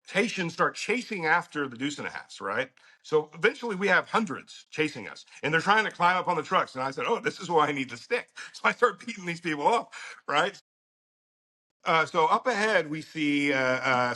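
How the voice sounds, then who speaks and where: Man, middle-aged, podcast guest, casual storytelling, blunt, profane, crisp bright tone. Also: fairly high pitch. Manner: blunt and profane, laughing through a grim story.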